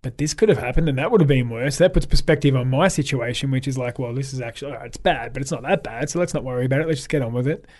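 A man's voice: mid-range voice, racing, few pauses, darkish tone. Aussie guy chatting, cheerful storyteller, does the voices of people in his stories. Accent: Australian. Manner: upbeat storyteller, acts out quoted dialogue, laughs often. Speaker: guest. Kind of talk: casual interview chat.

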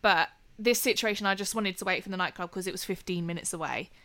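Bright young woman spilling a night-out story, swears a lot, laughs a lot. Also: medium pitch, fast. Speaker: podcast co-host telling a story. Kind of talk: casual chat.

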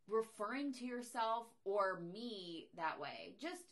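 A young woman in casual podcast conversation. She is opinionated and emphatic and leans hard into her complaints. Her voice sits at an ordinary middle pitch. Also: animated, slow, fairly bright tone. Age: young adult. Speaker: comedian and podcast co-host. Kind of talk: casual chat.

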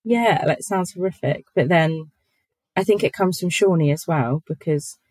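Giggly low-voiced woman. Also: moderate pace, darkish tone, husky, no room sound, low-quality recording. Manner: giggly, chatty, many fillers. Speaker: guest. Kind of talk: casual podcast chat.

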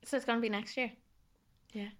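A woman's voice: fairly high pitch, fairly even intonation, fairly quick, fairly bright tone. A woman co-hosting a podcast, adding short reactions and jokes in casual chat. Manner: short reactions and laughing asides.

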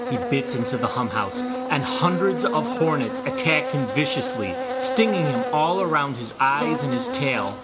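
Slow, expressive male storyteller. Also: medium pitch, heavy background noise. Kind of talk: scripted folk tale narration.

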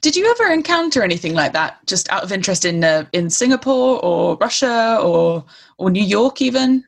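A woman's voice: medium pitch, big pitch swings, normal speed, gravelly. A woman interviewing a guest, musing aloud in a tentative, casual way.

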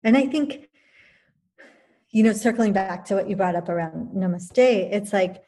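A woman who teaches yoga, talking thoughtfully in a relaxed conversation, pausing and restarting as she works through her points. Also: mid-range voice, slight background noise. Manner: thoughtful, many restarts and fillers. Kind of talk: reflective conversational talk.

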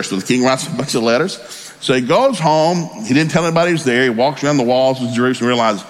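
A man's voice: medium pitch, expressive, very fast. Pastor guy preaching, folksy and jokey, voice all over the place, bit of hum behind. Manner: folksy storytelling, joking asides. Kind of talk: sermon.

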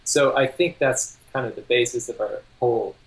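A man's voice: medium pitch, moderate pace, low-quality recording. A man, a wedding photographer guest, talking in a laid-back, self-deprecating way. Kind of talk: casual interview.

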